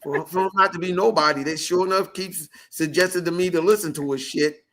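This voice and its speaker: Swearing freely and mimicking what people said, a man hosting a podcast tells a story in casual chat. His pitch is fairly high and he speaks fairly quickly, animated throughout.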